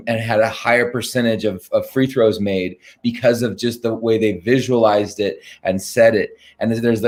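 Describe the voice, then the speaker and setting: A man co-hosting a casual coaching chat, talking with many ums and restarts. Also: lowish voice. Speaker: co-host coach.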